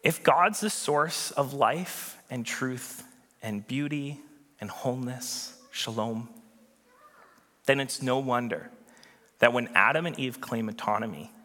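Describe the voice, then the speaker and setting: Man, pastor, earnest sermon, lively pitch, echoing hall. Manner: earnest, emphatic preaching with dramatic pauses.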